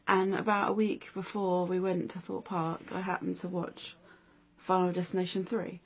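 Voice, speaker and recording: A woman in her twenties telling a personal story in a vlog, speaking softly and hesitantly with many pauses and fillers. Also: on the low side, flat delivery. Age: 20s. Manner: hesitant, many ums, soft-spoken. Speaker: vlogger.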